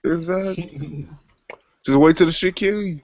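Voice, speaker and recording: Slow, gravelly man joking along. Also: on the high side, darkish tone. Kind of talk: casual chat. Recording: dull lo-fi recording.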